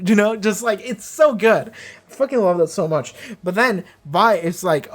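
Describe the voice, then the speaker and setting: A show reviewer who talks in a casual, rambling way, gets excited and swears a lot while breaking down an episode. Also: mid-range voice, moderate pace, soft background music. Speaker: video reaction reviewer.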